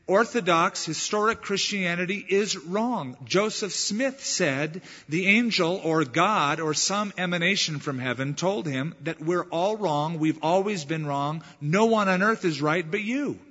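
A man delivers a sermon from the pulpit, earnest and emphatic. His voice sits a little high for a man. It comes through a muffled old church recording, with long reverb trailing off the walls of the sanctuary. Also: sharp tone, breathy edge. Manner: earnest preaching with emphatic rises. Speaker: pastor.

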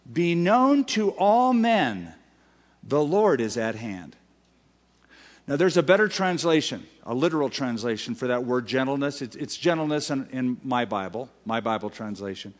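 A male pastor preaching a sermon, swinging between loud emphasis and quiet, drawn-out phrases. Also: mid-range voice. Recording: long hall reverb.

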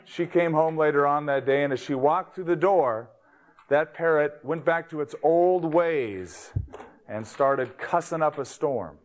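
A man's voice: a little high, measured pace. A man preaching a sermon, opening with a joke in an easygoing, folksy storytelling manner. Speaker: pastor.

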